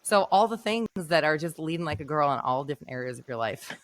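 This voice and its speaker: A woman co-hosting a podcast, hoarse and raspy after laryngitis, chatting casually with her guest. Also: deep voice, lively intonation. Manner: chatty, quick, with fillers and restarts. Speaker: podcast co-host. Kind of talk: casual interview chat.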